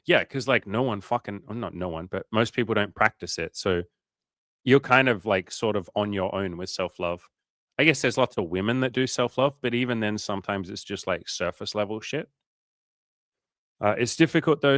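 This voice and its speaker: A man's voice: on the low side, fairly bright tone, no echo, clean studio sound. An Australian man hosting a casual coaching livestream, reading viewer comments aloud in a loose, profane, filler-heavy way.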